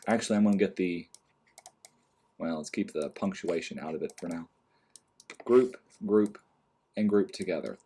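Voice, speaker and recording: Calm low-voiced man teaching software. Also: moderate pace, long pauses, husky. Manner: calm step-by-step explaining, trailing off quietly. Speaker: design instructor. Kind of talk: screen-recorded software tutorial.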